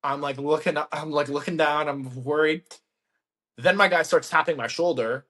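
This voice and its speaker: A man co-hosting a podcast, telling a story in casual chat, animated and laughing as he acts out what people said. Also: a little high, normal speed. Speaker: podcast co-host.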